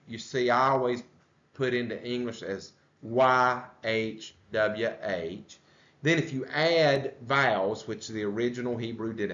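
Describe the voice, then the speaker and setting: Male pastor, unhurried teaching, roomy echo, dull lo-fi recording. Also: medium pitch, a bit bright. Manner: unhurried, explains and asks the group questions. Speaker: pastor teaching a Bible study. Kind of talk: conversational Bible study teaching. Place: church room. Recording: echoey room, dull lo-fi sound.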